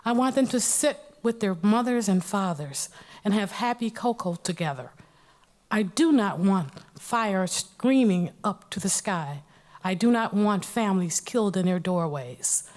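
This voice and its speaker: A woman illustrator reciting a poem and then sharing personal remarks in an earnest, measured way. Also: medium pitch, animated, a little mellow. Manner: earnest, measured, clears throat now and then. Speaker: illustrator and poetry reader.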